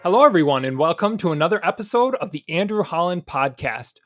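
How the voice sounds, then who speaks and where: A man's voice: a little high, expressive, quick pace, a bit bright, faint music behind. A man from the Midwest hosting a podcast interview in a studio, asking friendly guided questions. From American Midwest. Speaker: podcast host. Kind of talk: conversational interview.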